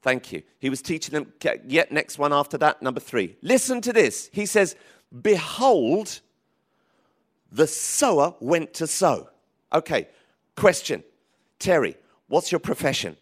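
A man preaching a sermon in church, lively and emphatic, with frequent restarts. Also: a little high, a little slow. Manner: lively, rising to emphatic calls, with many restarts. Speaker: pastor.

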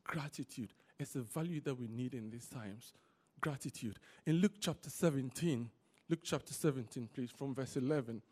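A man preaching a sermon, repeating key words for emphasis and telling stories in an animated way. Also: mid-range voice, normal speed, hardly any pauses. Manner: animated storytelling.

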